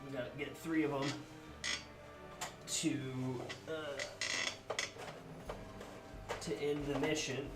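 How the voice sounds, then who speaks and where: A man's voice: mid-range voice, little pitch movement, slow, pauses often, over loud music. A man casually playing a solo tabletop game, reading out cards and reacting aloud to his dice rolls. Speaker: solo game player and host.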